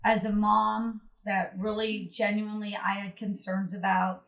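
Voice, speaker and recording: A middle-aged woman, the guest's mother, talking earnestly and quietly on a podcast. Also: medium pitch, flat delivery, a little slow, vocal fry. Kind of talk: casual podcast chat.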